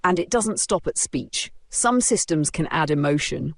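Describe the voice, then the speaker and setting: A woman's voice: deep voice, lively intonation, measured pace, hardly any pauses, no room sound. A woman hosting a podcast, delivering a scripted monologue with punchy emphasis and rhetorical questions. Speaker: podcast host.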